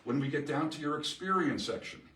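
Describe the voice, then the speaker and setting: A middle-aged man presents a live seminar to an audience in a meeting room, lively and emphatic, often asking the room questions. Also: fairly high pitch, brisk, a little hiss or hum. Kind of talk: live workshop talk to an audience. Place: chamber of commerce meeting room. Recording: echoey room from far off.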